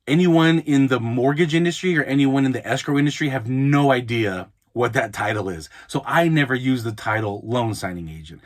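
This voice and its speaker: A man hosting an advice podcast, talking casually and often restarting his sentences. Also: medium pitch. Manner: conversational, frequent restarts and repeated words. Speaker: podcast host, mobile notary. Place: Utah, United States.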